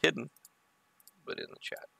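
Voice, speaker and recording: A man's voice: moderate pace, sharp tone. A man hosting a livestream, giving casual running commentary on his work on a 3D model and muttering to himself with joking asides, indoors at a computer. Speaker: livestream host.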